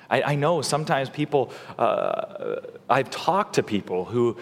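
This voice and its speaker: A man's voice: medium pitch, in a large hall. A male pastor preaching a sermon in a conversational way, acting out quotes and building to emphatic points.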